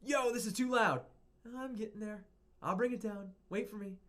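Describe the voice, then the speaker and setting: A man speaking as an eager male audio compressor that rushes to turn loud sounds down. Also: high-pitched, pitched above the performer's own voice. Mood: hurried.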